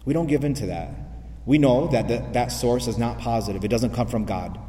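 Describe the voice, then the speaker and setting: A man's voice: medium pitch, fairly quick, dark tone, far from the mic. A man, a priest, preaching a sermon, repeating phrases and asking rhetorical questions. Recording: echoey hall, voice from afar.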